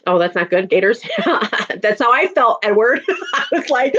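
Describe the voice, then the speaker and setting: A woman's voice: a little high, big pitch swings, normal speed, fairly bright tone, slightly rough. Chatty woman on a lo-fi stream. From Chicago area, USA. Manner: chatty, laughs often, talks to chat viewers. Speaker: livestream host. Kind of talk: casual livestream chat. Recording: dull lo-fi home stream audio.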